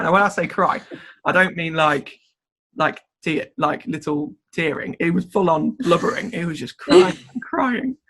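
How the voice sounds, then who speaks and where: A young man chats casually as a youth leader, his voice bright with a slightly husky edge. He tells stories animatedly, laughing through them. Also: a little high. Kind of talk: casual chat.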